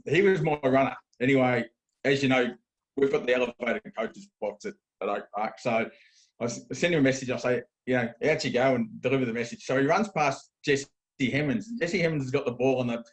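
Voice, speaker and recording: A man's voice: medium pitch, fairly quick. An Australian man, a football coach and guest, telling a funny coaching story in casual chat. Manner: laid-back, laughs at own story.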